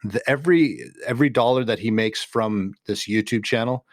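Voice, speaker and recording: A man's voice: mid-range voice, normal speed, dry recording, studio quality. A man co-hosting a podcast, chatting casually and telling stories with fillers and restarts. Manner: relaxed storytelling with fillers and restarts. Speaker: podcast co-host. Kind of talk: casual chat.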